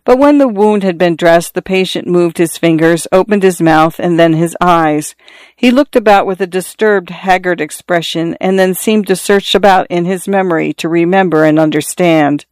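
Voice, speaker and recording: A reader narrating a classic short story in a measured, steady way. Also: mid-range voice, no room sound. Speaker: audiobook reader.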